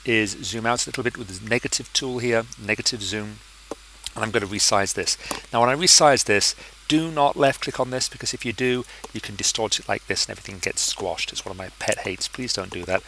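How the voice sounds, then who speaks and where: A man talking through a design software tutorial, thinking aloud in a chatty, self-deprecating way. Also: lowish voice, creaky, a little hiss or hum, low-quality recording. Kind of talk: screen-recorded software tutorial.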